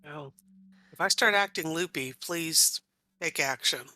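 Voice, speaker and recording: A woman's voice: sits low, unhurried, bright, forceful tone, no room sound. A woman playing in a tabletop game, wry and matter-of-fact as she describes her character. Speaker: player.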